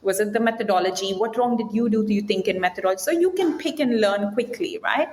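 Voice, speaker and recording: A woman's voice: mid-range voice, quick pace, a little hiss or hum. A woman guest on a podcast interview, talking directly and with energy, acting out what she and others say. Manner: direct, animated, quoting herself and others. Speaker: guest, technology executive. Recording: echoey room.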